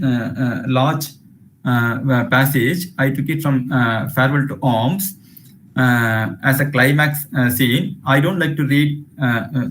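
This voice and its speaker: A man's voice: medium pitch, slight background noise. A man giving an online literature lecture, hesitating often with fillers. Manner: hesitant, many fillers, reads passages aloud. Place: home room on a video call. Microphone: video call.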